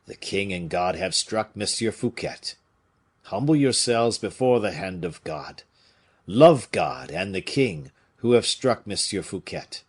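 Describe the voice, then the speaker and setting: A man's voice: on the low side, animated, measured pace, breathy edge. A man voicing a grave noble bishop who commands and pleads with a crowd. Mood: solemn.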